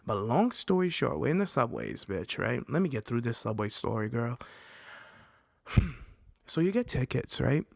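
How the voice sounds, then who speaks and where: Young male podcast host, mid-pitched, dry close sound, telling a profane, lively story with big jumps in pitch. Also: moderate pace, vocal fry, pauses often, no echo. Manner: animated, swearing, pitch jumps high for quoted yelling. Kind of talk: casual storytelling.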